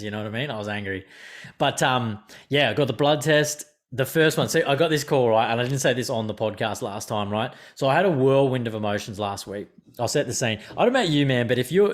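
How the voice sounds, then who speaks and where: A man hosting a podcast, telling a story in casual chat, swearing and animated. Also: medium pitch. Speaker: podcast host.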